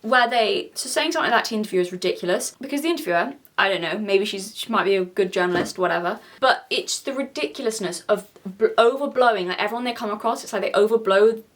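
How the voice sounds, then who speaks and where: A woman's voice: medium pitch, fast talker, few pauses, fairly bright tone. A woman YouTuber giving sarcastic, exasperated commentary on celebrity press tours. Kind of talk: commentary vlog.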